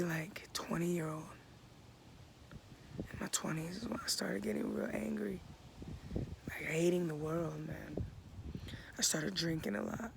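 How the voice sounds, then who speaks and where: A man in his thirties talking in a laid-back, reflective vlog into a phone outdoors at home, often dropping into soft half-whispers. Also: high-pitched, vocal fry. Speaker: vlogger. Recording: noisy outdoor recording.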